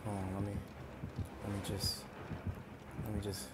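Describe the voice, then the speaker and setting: A man's voice: lowish voice, completely flat delivery, moderate pace, long pauses, noisy background. A man streaming a video game, repeating short phrases to himself as he plays. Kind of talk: casual gameplay commentary.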